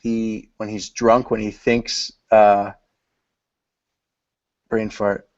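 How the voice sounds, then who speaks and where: A young man co-hosts a podcast, talking loosely about films in slang and saying "dude." His voice is on the low side, level, and a little mellow, with drawn-out words, no echo, and dull lo-fi audio quality.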